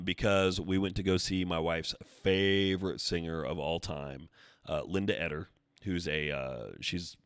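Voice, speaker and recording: A man with a deep, low voice hosts a solo fitness podcast, talking loosely and wandering from point to point. He jokes at his own expense. The sound is dry and close, with no room around it. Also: fairly bright tone, clear, resonant tone, dry recording. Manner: rambling, joking and self-deprecating. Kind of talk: casual solo podcast chat.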